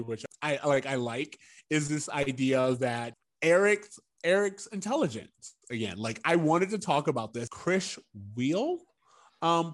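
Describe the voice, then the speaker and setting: A young adult man co-hosting a podcast, casual and wry, laughing often. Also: a little high. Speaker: podcast co-host. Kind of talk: casual rewatch podcast chat.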